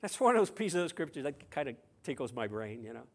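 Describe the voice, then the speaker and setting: A man preaching a sermon, retelling a scripture story conversationally with playful humorous asides, moving between loud emphasis and soft near-whispers. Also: mid-range voice, big pitch swings, fast talker.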